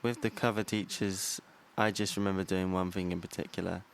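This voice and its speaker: Young guy on a podcast, low gravelly voice, chatty, swears a lot. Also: little pitch movement, a little fast, slight background noise. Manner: chatty storyteller, swears freely, laughs often. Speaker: podcast co-host. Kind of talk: casual chat.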